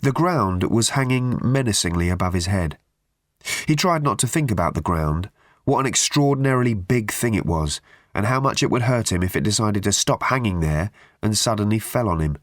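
A man narrating an audiobook with dry, expressive storytelling. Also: fairly low pitch, moderate pace, dry recording. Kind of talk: scripted narration.

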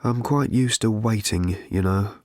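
A male narrator voicing an ancient, rusted, gloomy robot with a croaking, hollow rattle, speaking slowly and self-pityingly. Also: on the low side, a little mellow, dry recording, studio quality, close to an everyday voice. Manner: slow, mournful, self-pitying.

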